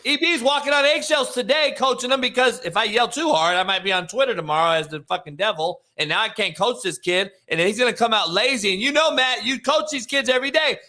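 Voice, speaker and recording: A man's voice: very high-pitched, fast talker, few pauses, pushed and bright. A man hosting a sports talk show, speaking emphatically and profanely in a heated casual debate, often turning his points into questions. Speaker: show host and coach.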